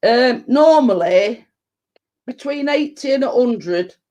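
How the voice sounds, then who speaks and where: A woman's voice: on the high side, animated, slow, mellow. A woman hosting a casual live stream chat, telling rambling stories and laughing easily.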